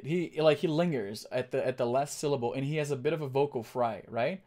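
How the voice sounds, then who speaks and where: A young man on a casual live stream, thinking aloud as he works and chatting back to his viewers, with lots of halting fillers and restarts. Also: mid-range voice, darkish tone. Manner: thinks aloud, reads chat and answers it.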